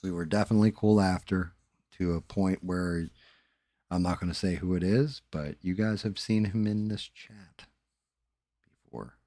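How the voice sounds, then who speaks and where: Deep-voiced man chatting casually. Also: moderate pace, long pauses, mellow, no room sound. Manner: laid-back storytelling with swearing. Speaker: live stream host. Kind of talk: casual live-stream chat.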